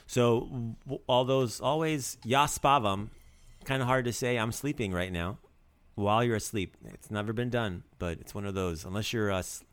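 A man's voice: fairly low pitch, normal speed, clean tone. A man hosting a casual language lesson, joking and coaching pronunciation. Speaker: language teacher host.

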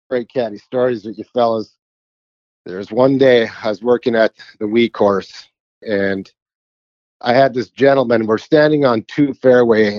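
A man's voice: medium pitch, darkish tone, no echo, muffled recording. A man from the Upper Peninsula of Michigan calling in to tell a story, acting out the people he quotes in a casual voice message.

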